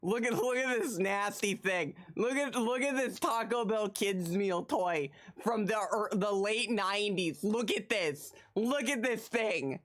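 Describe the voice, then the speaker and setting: A woman in her thirties streaming live and chatting casually with her viewers, jumping from squealing excitement to low, muttered asides. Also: unhurried, few pauses.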